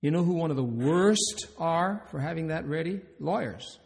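A man's voice: a little high, animated, moderate pace, gravelly, a little hiss or hum. A man who is a hospice chaplain and minister, giving a conference talk, telling stories with humor and putting questions to the audience. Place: conference hall. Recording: long hall reverb.

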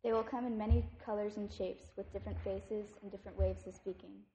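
A woman's voice: medium pitch, steady tone, fairly quick, dark tone, natural voice. Wise old turtle, read by a woman. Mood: solemn. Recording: echoey room.

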